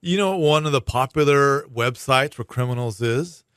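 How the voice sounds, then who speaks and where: A man's voice: mid-range voice, moderate pace, fairly bright tone, clear, resonant tone, no echo, studio quality. A man speaking as a prosecuting attorney guest in a casual radio interview, explaining at length with many fillers and restarts. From Hawaii. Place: radio studio.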